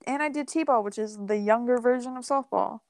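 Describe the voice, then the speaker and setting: A woman's voice: a little high, brisk, a little mellow, no room sound. A young woman co-hosting a podcast, bantering and teasing with frequent swearing. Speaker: podcast co-host. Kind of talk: casual chat.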